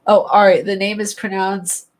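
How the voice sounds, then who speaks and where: A woman's voice: mid-range voice, little pitch movement, normal speed. Giggly sarcastic woman streamer. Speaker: streamer chatting with viewers. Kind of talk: casual live-stream chat.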